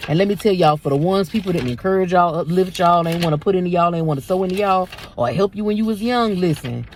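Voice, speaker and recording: Woman, 30s, low-ish voice, animated faith talk straight to camera viewers. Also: quick pace, slight background noise. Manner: animated, repeats herself, addresses viewers as y'all. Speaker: faith video host. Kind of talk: casual spiritual talk to viewers.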